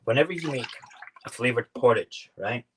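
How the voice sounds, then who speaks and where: A man's voice: medium pitch, lively intonation, normal speed, fairly bright tone, slight background noise, poor audio. A man hosting a casual morning live stream from his home kitchen on his phone, talking in a chatty, rambling, playful way.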